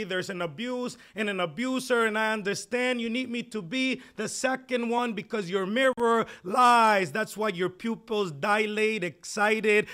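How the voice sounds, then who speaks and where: High bright-voiced man performing spoken word. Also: clear, resonant tone. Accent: foreign accent. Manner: measured delivery building to forceful intensity. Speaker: open mic poet. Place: live event at a community center.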